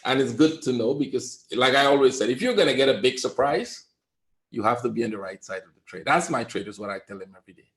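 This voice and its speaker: Male trading coach, lecturing bluntly on a webinar, echoey room sound. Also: mid-range voice. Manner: lecturing, blunt, repeats "right?".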